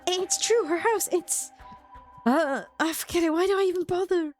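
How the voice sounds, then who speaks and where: A woman voicing a frightened young man who begs for protection, pleading in a high, boyish voice. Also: normal speed, faint music behind. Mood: frantic. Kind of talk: reading game dialogue aloud.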